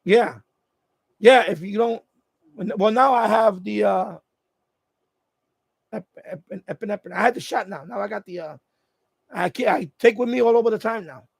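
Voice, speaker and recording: A man with a high, gravelly voice talks casually on a live stream from his home. He rambles through his story, restarting sentences as he goes. The sound is close and dry, with no room around it. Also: normal speed, long pauses, no echo. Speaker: radio hobby channel host. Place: at home, indoors.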